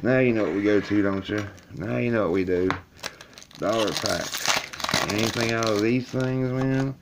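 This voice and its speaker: Deep gravelly man chatting to viewers. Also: unhurried, heavy background noise. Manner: chatty, frustrated, addresses viewers as y'all. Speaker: YouTuber opening card packs. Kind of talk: casual video commentary. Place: laundry room. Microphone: camera on a table.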